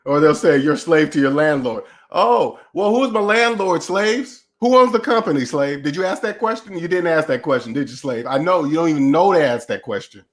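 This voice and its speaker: A man hosting his livestream channel rants in a preachy, mocking way while reading chat, his voice still getting over a cold. It sits a little high and sounds animated, moving fairly quickly with hardly any pauses.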